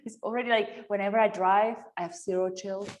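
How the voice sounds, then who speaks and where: A woman's voice: medium pitch, fairly even intonation, fairly quick. A woman in her thirties, a yoga teacher chatting with her online class, rambling and laughing often at herself.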